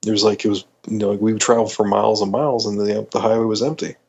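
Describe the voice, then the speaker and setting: A man's voice: lowish voice, little pitch movement, quick pace, gravelly, a little mellow, husky, highs cut off. A middle-aged Canadian man, a podcast guest, telling a story animatedly, acting out quoted voices with many restarts.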